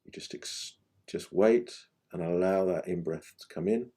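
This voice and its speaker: Low, mellow-voiced man teaching meditation. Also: breathy edge. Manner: gentle, unhurried, phrases trailing off softly. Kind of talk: guided meditation instruction.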